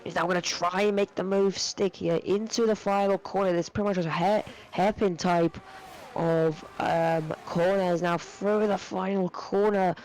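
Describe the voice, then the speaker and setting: A man's voice: sits high, fairly even intonation, measured pace, darkish tone, poor audio. A young man giving live sim racing commentary, rambling with lots of fillers and self-corrections. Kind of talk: live esports race commentary.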